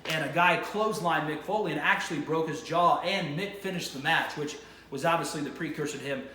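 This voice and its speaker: A man hosts his own vlog with a fairly high voice, rambling with eager enthusiasm and often restarting his sentences. His voice bounces around a roomy, echoing space with a faint ambient hum underneath. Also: brisk, pushed and bright. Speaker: vlog host. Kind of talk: casual to-camera monologue.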